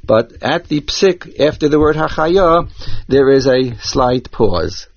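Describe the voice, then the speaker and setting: A man teaching Torah cantillation, explaining each accent mark slowly and methodically, step by step. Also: mid-range voice. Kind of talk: instructional explanation with chanted examples. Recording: dull lo-fi dry recording.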